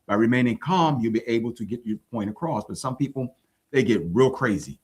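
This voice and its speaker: A man's voice: mid-range voice, fairly quick, a little mellow. A man hosting a Christian talk podcast, explaining his point in long, looping sentences. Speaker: podcast host. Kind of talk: casual faith discussion.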